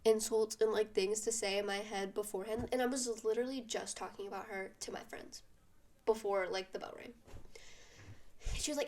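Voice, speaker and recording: A teenage girl telling a school drama story in a casual vlog, animated and venting with lots of fillers. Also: medium pitch, a little fast. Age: teens. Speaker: vlogger.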